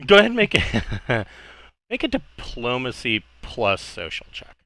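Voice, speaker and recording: A man running a tabletop game as game master, talking casually, often halting with fillers and restarts. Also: mid-range voice, wildly swooping pitch, bright, forceful tone.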